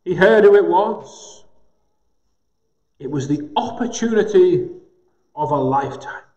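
Slow, emphatic preacher in an echoey hall. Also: male voice, high voice, lively intonation, darkish tone, highs cut off. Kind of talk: sermon. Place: gospel hall. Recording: echoey hall with long reverb.

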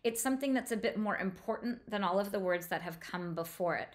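A woman giving an enthusiastic literature lecture, breaking down a passage sound by sound and slowing down to read lines aloud. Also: mid-range voice. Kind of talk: close-reading lecture.

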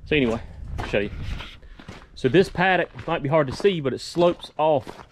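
A man talking casually through a farm vlog outdoors, relaxed and rambling with many fillers. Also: fairly high pitch, normal speed, a little hiss or hum. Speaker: farm vlogger.

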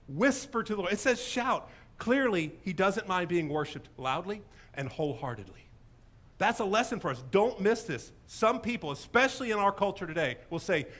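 A man delivers a sermon as pastor, his voice sitting fairly high and leaping all over the place. He is enthusiastic and full of jokes, swinging between big exclamations and softer asides. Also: normal speed. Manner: animated, humorous, enthusiastic.

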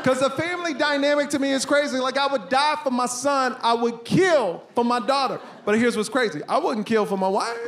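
A middle-aged man doing a stand-up comedy set, animated, acting out family scenes and breaking into shouts. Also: very high-pitched, fairly quick, few pauses. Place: comedy club stage with live audience. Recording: live room with steady ambience noise.

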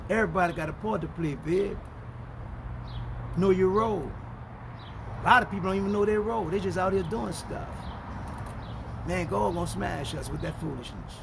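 High-voiced pastor preaching with shouted bursts. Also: male voice, vocal fry, background noise. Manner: animated, preachy, swings between mutters and shouts; reads scripture in slow, emphatic bursts. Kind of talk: street-style Bible teaching.

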